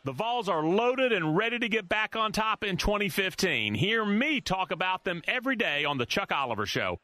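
A man's voice: high-pitched, sing-song, moderate pace, sharp tone, a little hiss or hum. A man who hosts a sports radio show, reading punchy station promos.

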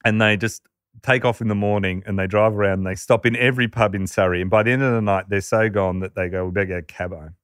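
Lively Australian man telling wild stories. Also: fairly low pitch, fast, smooth, no echo, studio quality. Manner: lively anecdote-telling, laughing, acting out quoted voices. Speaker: podcast storyteller. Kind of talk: casual storytelling chat.

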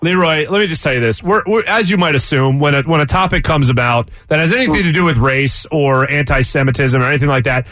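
A man hosting a talk radio show, playful and quick to laugh. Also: fairly high pitch, dry recording. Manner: lively, playful, laughs often. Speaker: radio host.

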